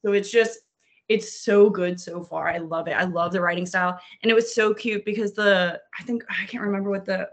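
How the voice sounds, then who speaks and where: A woman from New Orleans talking in a loose, casual podcast chat. She is animated and swears freely, and she often acts out her own reactions mid-sentence. Her voice sits at a middle pitch. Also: brisk.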